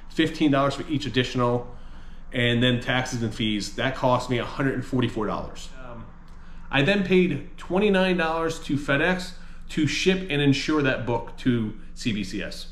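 A man's voice: mid-range voice, lively intonation, moderate pace, fairly bright tone. A man vlogging about a comic book mystery box, talking in a frustrated, exasperated way with mild swearing. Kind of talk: casual unboxing vlog. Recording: echoey room, faint ambience.

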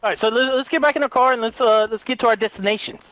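A young man playing a co-op game, excitable, shouting and laughing often. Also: very high voice, rapid-fire, no room sound. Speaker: gamer playing co-op. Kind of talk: excited gameplay banter.

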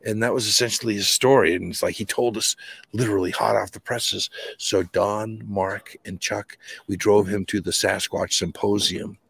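A middle-aged man from New England, a guest telling a paranormal encounter story in a colloquial, swearing, animated way. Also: fairly low pitch, moderate pace, vocal fry, husky, no room sound. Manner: colloquial, swears casually, restarts often. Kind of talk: animated storytelling in a podcast interview.

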